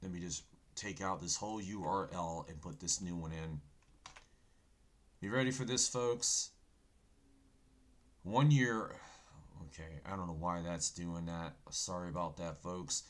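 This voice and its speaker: Deep-voiced man rambling on a livestream. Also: moderate pace, a bit bright. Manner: folksy, rambling, says "folks" and "okay" often; preachy, insistent on biblical points. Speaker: livestream host. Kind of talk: casual livestream chat.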